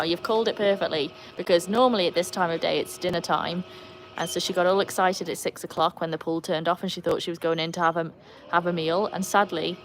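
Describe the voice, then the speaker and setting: A woman with an English accent runs a casual outdoor live stream from a shady spot, chatting with viewers and switching to high, excited tones whenever she calls her dogs. The recording is rough, with slight background noise.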